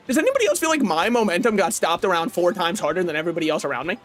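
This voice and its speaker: High-pitched dude streaming a kart race, swearing a lot, faint game music under him. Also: male voice, rapid-fire, few pauses. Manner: excitable, profane banter with chat. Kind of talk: live gameplay commentary.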